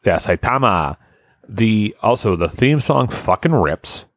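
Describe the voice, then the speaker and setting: Deep-voiced man chatting casually. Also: animated, slow pace, no echo, studio quality. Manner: rambling, enthusiastic, swears often. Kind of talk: casual chat.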